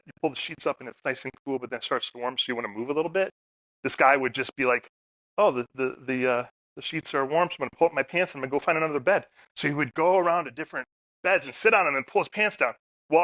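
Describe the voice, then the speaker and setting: A man's voice: on the high side, dry recording. A man giving a personal storytelling talk at a public forum, acting out the people in his stories. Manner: animated storyteller, acts out quotes.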